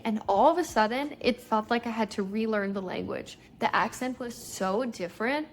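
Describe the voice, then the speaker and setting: Encouraging woman teaching English online. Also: on the high side. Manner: upbeat, encouraging, explanatory. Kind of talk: YouTube language lesson.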